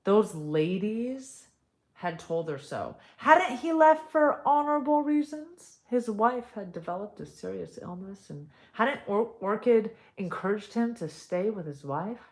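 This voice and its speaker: A woman's voice: mid-range voice, animated, unhurried, darkish tone. A woman reading a family story aloud in a casual storytime, breaking off into chatty asides.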